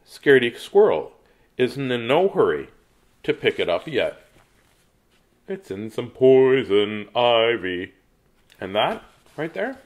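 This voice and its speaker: A man reading children's picture books aloud in a playful, jokey way, with asides to viewers. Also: mid-range voice. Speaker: children's book reader.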